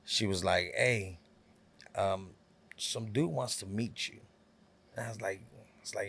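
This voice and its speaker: A man with a fairly low voice, speaking at a moderate pace, is a guest on a podcast. He tells a long story in a laid-back, rambling way, full of fillers and quoted back-and-forth, casual storytelling throughout.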